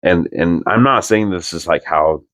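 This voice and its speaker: A man's voice: low-pitched, moderate pace, a crowd in the background. A young man, a podcast co-host, telling a personal story in an earnest, rambling way full of "like" fillers.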